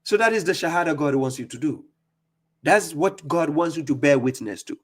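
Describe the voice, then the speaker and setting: A man giving scolding religious commentary on a live stream, mocking opponents and reading verses slowly. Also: a little high, lively intonation. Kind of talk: preaching commentary on played clips.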